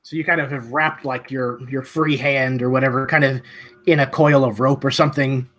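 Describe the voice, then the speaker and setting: A man's voice: mid-range voice, fairly even intonation, moderate pace, a bit bright. Guy dm-ing a tabletop game, rambly descriptive narration, lots of kind of and like. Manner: loose, descriptive, filler-heavy. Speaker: dungeon master.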